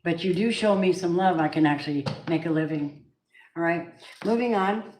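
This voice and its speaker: A chatty woman reads tarot cards for her viewers, talking casually and reacting out loud. Her voice sits on the low side for a woman. The recording is echoey with a faint background hiss. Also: normal speed. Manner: chatty, excitable, gasps and laughs, breaks into song. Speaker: tarot reader. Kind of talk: casual tarot reading livestream. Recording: echoey room with faint noise.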